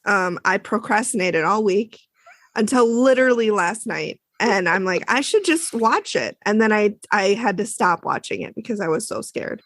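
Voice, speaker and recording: A woman co-hosting a podcast, telling a story in a casual, animated way and acting out the people she quotes. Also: medium pitch, normal speed, no room sound. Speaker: podcast co-host. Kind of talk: casual chat.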